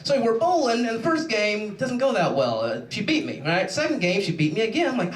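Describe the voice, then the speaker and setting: A young adult man doing a rambling, animated stand-up comedy set on a stage. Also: high-pitched, fairly quick, hardly any pauses. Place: show stage in a large room. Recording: echoey room, mic from far off.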